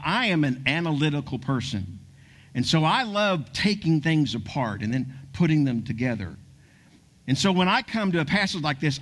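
A man with a fairly high voice preaches a sermon through a lively story. He speeds up and slows down and sometimes falls to a hushed near-whisper to stress a line. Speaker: pastor.

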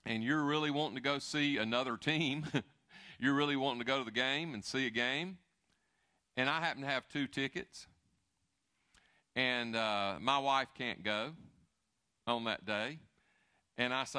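A middle-aged man preaching a sermon in a conversational, animated way, with asides and restarts. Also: mid-range voice, unhurried, pauses often, clean tone. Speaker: pastor.

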